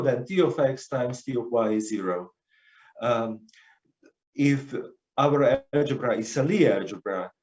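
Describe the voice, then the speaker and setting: A man's voice: mid-range voice, a little mellow, lo-fi sound. Man lecturing in an echoey room. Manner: hesitant, many fillers and restarts. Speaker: conference speaker. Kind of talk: academic lecture.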